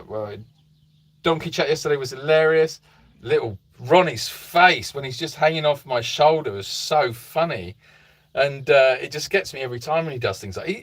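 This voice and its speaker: Chatty man greeting live viewers. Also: on the high side. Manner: reads viewer comments aloud and greets them by name; chatty, meandering, with fillers. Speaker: animal sanctuary host. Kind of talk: casual live-stream chat. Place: narrow boat.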